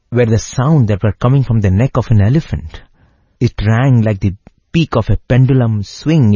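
Deep-voiced man telling a devotional story. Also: dark tone, breathy edge, no room sound, highs cut off. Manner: measured, phrase by phrase with pauses.

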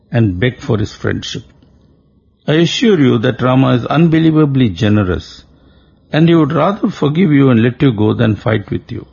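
A man voicing a dignified captive princess who speaks slowly and sternly. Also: mid-range voice, creaky, darkish tone, husky, dull audio. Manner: slow, measured, stern.

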